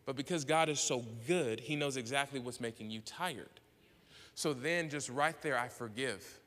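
Bright-voiced male pastor preaching in a hall. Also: medium pitch, unhurried. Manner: conversational preaching, acts out dialogue, rises to loud bursts. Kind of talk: sermon. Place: church sanctuary. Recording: long hall reverb.

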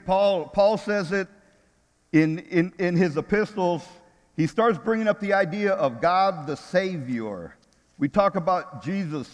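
A man's voice: high voice, big-room sound. An older man preaching a sermon in a casual, conversational way, often repeating words as he finds his phrasing. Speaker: pastor.

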